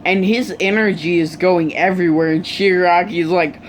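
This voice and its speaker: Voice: medium pitch, steady tone, moderate pace, slight background noise. A speaker casually retelling a fan story, rambling with many fillers.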